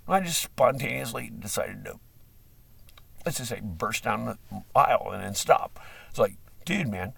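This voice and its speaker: A man talking in a rambling, profane unscripted monologue, full of fillers and laughs, swinging between loud outbursts and mumbling. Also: mid-range voice, animated, normal speed, gravelly, husky, no room sound, distant mic. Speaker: livestream host.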